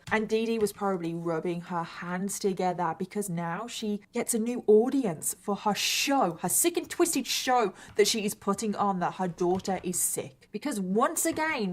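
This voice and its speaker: A woman narrates a true-crime story to her co-host in a casual chat. She stresses her points with emphasis and keeps the telling animated, her pitch sitting in a middle range.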